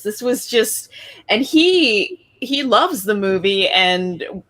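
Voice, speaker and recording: A woman in her forties, animated and chatty, in a casual movie discussion, acting out quotes as she goes. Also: mid-range voice, slow pace.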